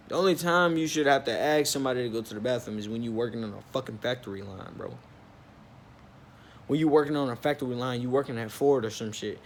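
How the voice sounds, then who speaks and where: A young man telling a story from his life in a loose, slangy, profane way, with frequent "like" and "bro". He gets animated, and his pitch jumps when he is riled up. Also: a little hiss or hum. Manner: animated, with bursts of rising pitch when worked up. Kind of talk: storytime vlog, casual chat.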